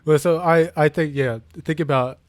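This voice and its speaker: A man's voice: a little high, steady tone, normal speed, no room sound. A young man hosting a casual podcast chat, joking, laughing and swearing freely. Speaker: podcast host.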